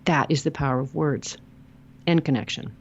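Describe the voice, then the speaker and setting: Brief: earnest woman interview guest, deep voice, emphatic, dull lo-fi audio. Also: steady tone, moderate pace, slight background noise. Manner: earnest, emphatic, repeats words when starting a sentence. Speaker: podcast guest, author; radio show host and logotherapist. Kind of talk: casual interview chat.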